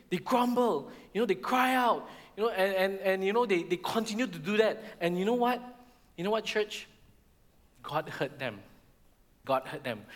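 Male pastor, middle-aged, high bright voice, lively sermon, big church reverb. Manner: animated, acts out the Israelites' complaints in high voices. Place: church hall. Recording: long hall reverb.

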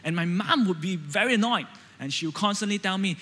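High-voiced Malaysian preacher in a hall. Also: male voice, animated, normal speed, sharp tone. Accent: Malaysian English. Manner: conversational, storytelling, frequent "right?" check-ins. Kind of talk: sermon.

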